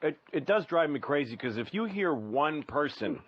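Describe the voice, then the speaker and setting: A man's voice: on the high side, sing-song, normal speed, dull audio. A man co-hosting a radio show, retelling jokes in a loose, rambling, profane way. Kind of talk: casual profane banter.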